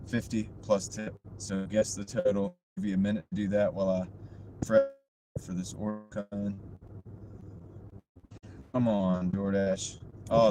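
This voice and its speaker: A man's voice: lowish voice, background noise. A man chatting casually with his live-stream viewers while he drives for a delivery app, wearing a clip-on mic in his car. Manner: chatty, talks to viewers' chat while driving. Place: inside a car on the road. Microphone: wireless clip-on mic.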